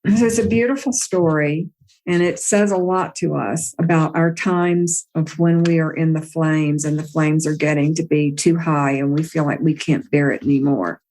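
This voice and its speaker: A woman spiritual teacher telling a myth in a gentle, unhurried, storytelling way to a group. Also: sits low, steady tone. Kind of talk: storytelling talk.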